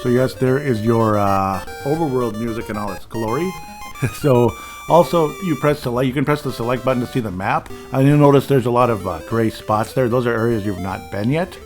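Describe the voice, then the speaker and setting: A man's voice: medium pitch, brisk, over music. A man hosting a casual game walkthrough, rambling along as he plays and chuckling often at his own mistakes. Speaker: host.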